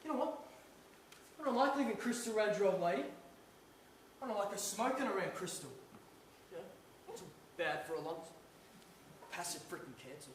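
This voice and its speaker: A man's voice: high voice, expressive, moderate pace, pauses often, slight background noise. A young man playing a jittery drug mule. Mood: agitated. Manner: agitated, whiny, questioning. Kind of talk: stage acting. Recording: very echoey stage from far off.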